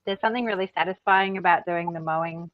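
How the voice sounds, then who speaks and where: A woman's voice: lowish voice, fast, dry recording, muffled recording. An Australian woman co-hosting a livestream, chatting casually and patiently explaining things with plenty of fillers. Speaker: livestream co-host. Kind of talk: casual chat.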